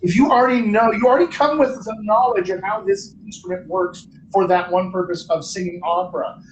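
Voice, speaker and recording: A man's voice: high-pitched, a little fast, muffled recording. A man hosting a live online Q&A as a dialect coach, answering viewer questions in an upbeat, joking, encouraging way. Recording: echoey room with background noise.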